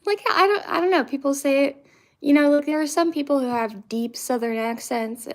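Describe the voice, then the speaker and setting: Speaking at a moderate pace in a high-pitched voice, this young Central Florida vlogger rambles casually to her viewers on camera. Fillers and restarts pepper her chat.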